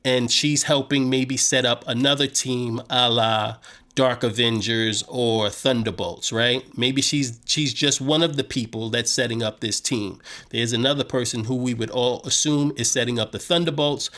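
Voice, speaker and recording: Male host, casual recap commentary, animated slang delivery, middle pitch. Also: normal speed. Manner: slangy, animated, paraphrases scenes in his own street voice. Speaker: show host.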